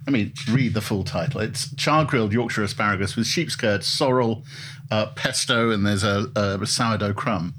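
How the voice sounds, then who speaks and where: A man hosting a relaxed interview over lunch, jovial and teasing, with quick asides. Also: fairly low pitch, slight background noise. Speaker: podcast host, interviewer. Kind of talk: casual interview chat.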